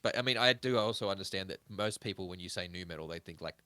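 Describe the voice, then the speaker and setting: A man in his thirties hosts a casual music podcast and rambles with animated energy, swearing freely as he goes. His voice sits a touch low but comes across bright and forceful. The recording is close and dry. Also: fast talker, dry recording. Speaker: podcast host. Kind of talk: casual chat.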